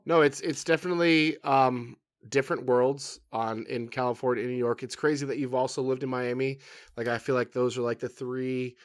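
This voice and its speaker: A man's voice: mid-range voice, little pitch movement, a little fast. Man, podcast host, casual interview, winding questions, lots of fillers. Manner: thoughtful, rambling questions with many fillers.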